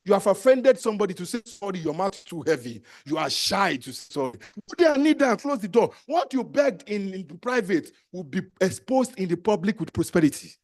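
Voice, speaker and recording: High-voiced Nigerian man exhorting a crowd. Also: sing-song, fairly quick, few pauses. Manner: emphatic, exhorting, repeats commands to the audience; mixes in Nigerian Pidgin. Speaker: entrepreneurship trainer. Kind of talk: live motivational speech.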